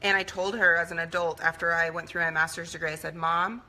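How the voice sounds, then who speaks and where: A woman's voice: fairly low pitch, flat delivery, fast talker, bright, forceful tone. A woman in her thirties giving a conversational motivational talk in an earnest, personal way. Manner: earnest, conversational, acts out quoted voices. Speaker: speaker.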